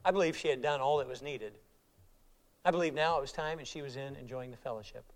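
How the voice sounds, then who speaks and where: A man's voice: mid-range voice, fast talker. A male preacher delivering a sermon and acting out voices in the quotes he tells. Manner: animated, acts out voices in quotes.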